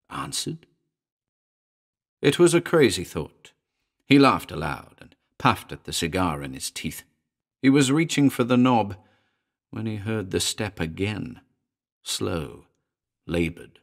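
Deep, gravelly male horror narrator. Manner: slow, deliberate, dramatic pauses.

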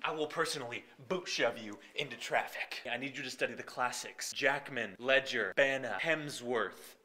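An actor playing an eccentric, abrasive acting coach who gives a brash, insulting sales pitch. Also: male voice, moderate pace, pushed and bright, natural voice. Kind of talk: comedy sketch.

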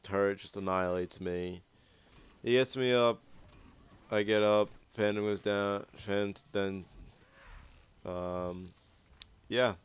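A young gaming YouTuber drifts through profane, easygoing commentary on his footage, speaking slowly with long pauses. His lowish voice keeps fairly even intonation, and the recording is clean.

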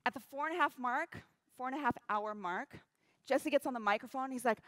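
Lively woman telling a stage story. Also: high-pitched, fairly quick, no room sound. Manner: animated, acts out quotes, frequent laughs. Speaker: keynote speaker. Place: event stage.

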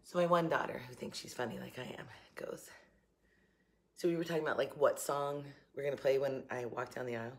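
Talking to camera in her kitchen, this middle-aged vlogger with a Southern accent is chatty, upbeat and quick to laugh, though a mild morning cough slips through. She speaks a little fast in a rumbling low voice with fairly even intonation.

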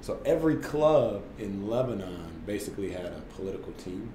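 A man in his thirties, a podcast guest and former basketball player, telling stories in a casual, animated way with lots of fillers and laughter. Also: fairly low pitch, brisk, noisy background. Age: 30s. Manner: animated, laughing, filler-heavy with frequent "like" and "right?". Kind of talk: casual storytelling in conversation. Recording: roomy echo.

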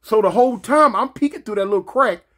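A man casually telling a story from his past, slangy and animated, jumping in pitch and making sound effects as he goes. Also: fast. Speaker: storyteller recounting his prison days.

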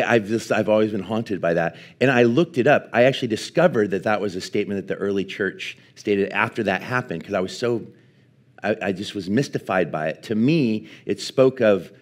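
A man preaching at a live church service, telling a personal story in an earnest, halting way with many restarts. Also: on the low side. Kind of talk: sermon storytelling.

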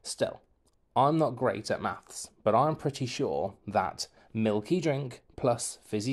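A man, a teacher, reading a children's novel aloud in an expressive, playful storytelling manner. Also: medium pitch, takes it slowly. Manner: expressive, playful, shifts voice for quotes. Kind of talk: storybook narration.

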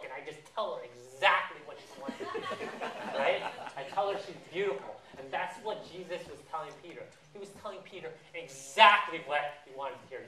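Bright-voiced man preaching in an echoey church. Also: a little high, recorded from a distance. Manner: conversational, storytelling with asides and quoted voices. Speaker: pastor. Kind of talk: sermon. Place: church hall.

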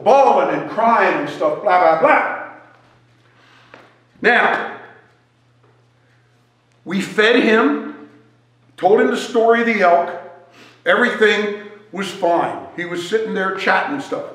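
A man telling a joking, animated story as a sermon at a church service. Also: high-pitched, slow, long pauses. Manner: animated, joking storyteller who wanders while talking. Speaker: guest speaker at a church service. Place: church sanctuary. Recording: echoey church hall.

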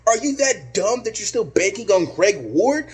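Angry high-voiced sports fan ranting. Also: male voice, very animated, moderate pace. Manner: angry, exasperated, repetitive insults. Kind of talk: ranting vlog.

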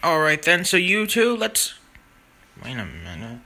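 A man's voice: fairly high pitch, huge pitch swings, unhurried, bright, forceful tone. A man hosting a playful plush battle show in a teasing, jokey announcer manner.

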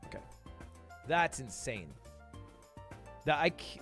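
A man streaming live who thinks out loud through guessing games, swears freely and bursts into loud excitement, recorded close on a desk microphone. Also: medium pitch, a little fast, long pauses, soft background music. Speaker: streamer reacting to videos and playing guessing games.

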